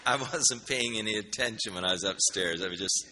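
A man preaching a sermon, telling a personal story in a folksy, animated way and acting out the dialogue. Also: fairly low pitch, a little fast, big-room sound, a faint crowd, slight background noise. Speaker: pastor.

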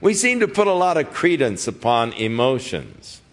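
A man's voice: medium pitch, sing-song, normal speed. A middle-aged man preaching a sermon in a conversational way, reading scripture and acting out the voices of the people he quotes. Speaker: pastor.

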